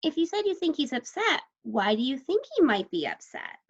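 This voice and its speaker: A woman's voice: high voice, sing-song, moderate pace, lo-fi sound. A woman teacher guiding children through a story with patient questions.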